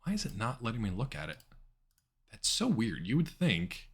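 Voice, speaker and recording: A man's voice: medium pitch, wildly swooping pitch, moderate pace, a little hiss or hum. A man streaming a video game live, chatting casually with viewers and rambling with plenty of fillers. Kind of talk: casual live-stream commentary while gaming.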